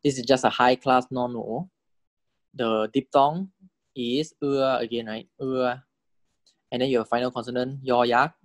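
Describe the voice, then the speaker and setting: A man delivers a recorded lesson in a patient, methodical way, pausing often to check that the listener is following. He repeats each example word several times, letting his pitch rise and fall to show the tones. His voice sits at an ordinary middle pitch, and the recording is dry and close with no room echo. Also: fairly even intonation. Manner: patient, checks understanding with repeated "correct?" and "okay?". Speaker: Thai language teacher. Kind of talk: recorded lecture explaining Thai spelling and tones.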